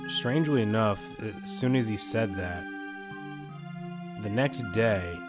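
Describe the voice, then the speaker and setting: A young man speaking an in-character role-play monologue for a gaming channel, halting and hesitant with many fillers. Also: fairly low pitch. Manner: halting, hesitant, full of "you know". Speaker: gaming YouTuber. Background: background music.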